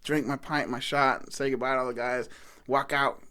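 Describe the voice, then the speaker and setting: A man telling a story in a casual interview, animated and swearing freely as he acts out what people said. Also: mid-range voice, moderate pace, clean tone. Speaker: guest musician.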